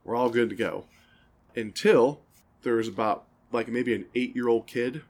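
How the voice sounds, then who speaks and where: A man's voice: medium pitch, fairly even intonation, unhurried. A man co-hosting a podcast, telling long, rambling stories and laughing at them in casual chat. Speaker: podcast co-host.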